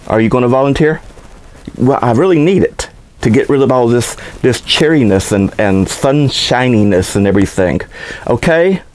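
A man's voice: medium pitch, expressive, moderate pace, a little mellow, rough recording. A man hosting a horror movie show, with rambling, playful patter full of hesitant fillers. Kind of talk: campy host patter.

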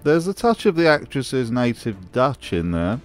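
A man's voice: mid-range voice, big pitch swings, unhurried, soft background music. A man hosting a scripted commentary video, with a wry, sarcastic manner. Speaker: host.

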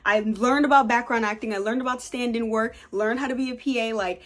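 Bubbly woman, high-pitched, casual vlogger chat. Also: brisk. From New York, USA. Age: 20s. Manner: bubbly, excitable, breaks into laughs and squeals.

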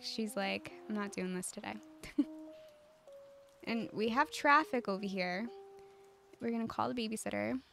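A woman with a slightly high voice chats with her stream viewers while playing a life-sim game. Her delivery is calm and cozy, loose and giggly, full of "like" and "um", with faint game music underneath. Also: creaky. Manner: chatty, giggly, many filler words.

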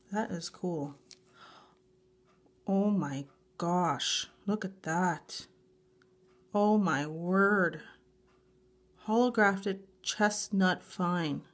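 A woman vlogging as she unboxes a grab bag of nail supplies, gushing with breathless exclamations and repeating herself. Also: lowish voice. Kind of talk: unboxing a grab bag, excited casual chat.

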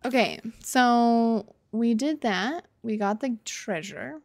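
Playing a horror game on stream for the first time, a woman speaks slowly in a fairly high, expressive voice with a darkish tone. She jumps and swears at scares, then apologizes to the characters.

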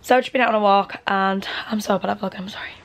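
A woman's voice: mid-range voice, fairly even intonation, rapid-fire, slight background noise. Young woman, Northern English accent, chatty rambling vlogger, filler-heavy, phone mic at home. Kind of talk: casual vlog chat.

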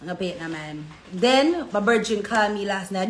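In a mid-range voice at a moderate pace, barely pausing, a social media personality with a Jamaican accent livestreams by phone from a hair salon. She tells her stories animatedly in patois and voices the people she quotes. An echoey room with faint background noise surrounds her.

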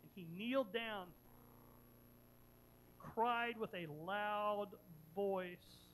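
A pastor preaching a sermon, retelling a story dramatically with repeated phrases, moving between loud emphasis and quiet earnest questions. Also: medium pitch, very slow, long pauses, slight background noise, rough recording.

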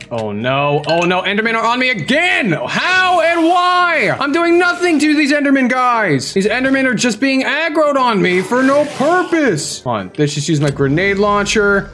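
A young man with a high, bright-sounding voice narrates his Minecraft gameplay for a gaming channel. He is excitable and playful, taunting enemies in a kid-friendly way. Faint music plays behind him.

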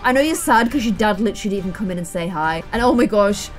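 A woman's voice: mid-range voice, expressive, fast talker, faint music behind. A young Irish woman giving casual let's-play commentary, chatty and exasperated as she scolds the characters on screen. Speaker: gaming YouTuber.

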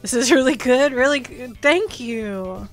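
A woman's voice: high voice, faint music behind. Chatty streamer talking to her chat. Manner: chatty, rambling, quick laughs, addresses chat. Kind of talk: casual live-stream chat.

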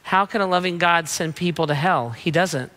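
Bright, emphatic male preacher. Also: on the high side. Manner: emphatic, rapid-fire preaching with repeated refrains. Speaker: pastor. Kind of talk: sermon.

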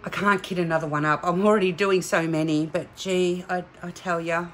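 Here the Australian host of a diamond painting channel speaks a little fast in a fairly low, steady voice, with slight noise in the background. She chats casually with viewers while unboxing and showing off a craft kit.

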